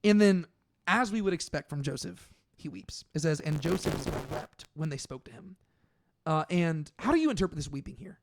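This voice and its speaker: High-voiced man chatting through scripture. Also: moderate pace, vocal fry. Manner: conversational, uses many "like"s, animated when paraphrasing. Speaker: podcast co-host. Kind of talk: casual Bible study discussion.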